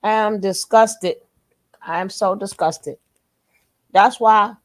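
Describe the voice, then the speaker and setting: A woman's voice: medium pitch, fairly even intonation, takes it slowly, pauses often. A woman giving reaction commentary, emphatic and blunt, repeating her phrases again and again. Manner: blunt, curses then apologizes.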